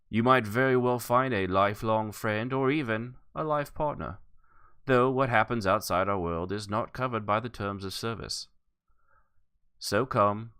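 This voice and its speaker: A man reading a mock sponsor ad as a game pitchman, attempting a fake English accent. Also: bright, forceful tone, clear, resonant tone, no echo, clean studio sound. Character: male pitchman for a virtual-reality game. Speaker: radio podcast host doing a mock sponsor ad. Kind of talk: mock advertisement read.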